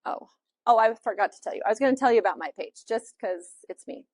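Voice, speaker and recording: A woman's voice: fairly high pitch, quick pace, darkish tone, dry recording. A woman with a Utah accent teaching a social media class in a chatty, loose way with lots of fillers. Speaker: real estate social media instructor.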